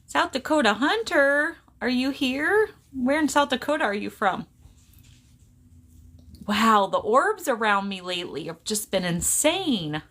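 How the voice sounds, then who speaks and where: A woman's voice: fairly high pitch, big pitch swings, measured pace, fairly bright tone. A middle-aged woman chatting casually on a phone live stream, greeting viewers and joking around in a silly mood.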